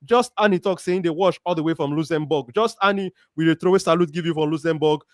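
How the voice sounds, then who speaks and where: A man from Nigeria, speaking with a Nigerian Pidgin accent, hosts a casual football chat show, reading out viewer comments and giving lively shout-outs. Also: on the high side, fast, no echo, clean studio sound. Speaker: show host. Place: Warri, Nigeria.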